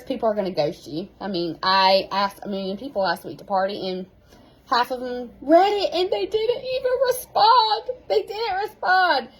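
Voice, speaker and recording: A woman, a sales team leader giving an animated, casual pep talk at home, repeating key phrases for emphasis. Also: mid-range voice, slightly rough, low-quality recording.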